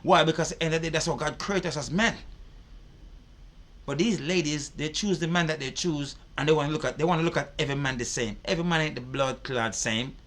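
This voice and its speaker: A man's voice: on the high side, quick pace, a bit bright. A man giving indignant, profane reaction commentary. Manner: indignant, profane, repetitive ranting. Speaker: reaction video host.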